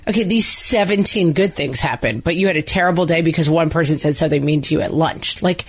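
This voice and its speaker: A woman's voice: deep voice, fast talker, hardly any pauses, husky. A woman co-hosting a parenting podcast who talks in a chatty, rambling way, full of "like" and acted-out quotes. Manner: chatty, rambling, many fillers. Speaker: podcast co-host. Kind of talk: casual parenting podcast chat.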